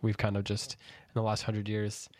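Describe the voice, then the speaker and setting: A man hosts a casual book club podcast and guides the talk along. His manner is relaxed and easy. The sound is dry and close. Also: lowish voice, normal speed, no room sound. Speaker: podcast host.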